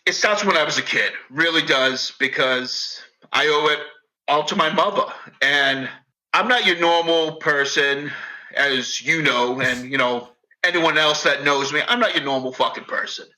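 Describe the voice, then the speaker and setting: A man's voice: on the high side, unhurried, sharp tone, poor audio. A middle-aged man with a thick Northeastern US accent, a podcast guest rambling and swearing, full of "like" and "you know". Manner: rambling, profane, heavy on fillers. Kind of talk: casual chat.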